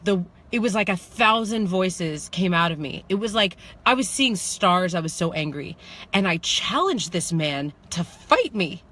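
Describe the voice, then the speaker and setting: Bright-voiced woman telling a story. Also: on the low side. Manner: animated, laughing, bursts into shouts when reliving anger; swings between slow reflective lines and fast excited telling. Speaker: spiritual manifestation coach. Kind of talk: storytelling vlog monologue.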